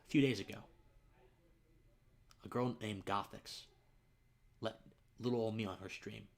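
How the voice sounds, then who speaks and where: Earnest young man, halting and emotional. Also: fairly low pitch, steady tone, vocal fry. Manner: earnest, halting, repeats words, drops to near-whispers. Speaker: political podcaster and streamer. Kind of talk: emotional live-stream monologue.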